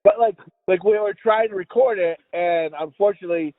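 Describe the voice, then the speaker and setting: A man's voice: high voice, brisk. A middle-aged man from the United States hosting a podcast, rambling and swearing his way through casual chat with friends, recorded over a phone. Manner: rambling, heavy swearing, laughing. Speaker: podcast host. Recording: tinny phone line, dry.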